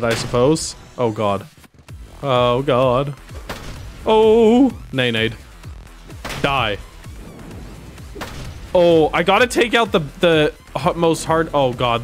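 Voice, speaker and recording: A young man talks through a video game as he plays it live, his voice sitting a little high for a man. He swings from muttering to sudden yelps and shouts. Faint game music plays under him. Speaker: streamer. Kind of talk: live gameplay commentary.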